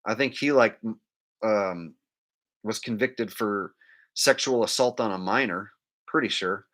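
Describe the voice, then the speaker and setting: A man's voice: lowish voice, measured pace, fairly bright tone. A man ranting bluntly during a live stream, full of fillers and scornful asides.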